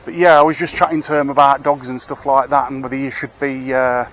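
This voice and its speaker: At a brisk pace, a man with a medium-pitched, slightly bright voice gives flat, rambling, wry commentary as he walks outdoors through town for his street vlog. He swears occasionally and films on a camera he holds.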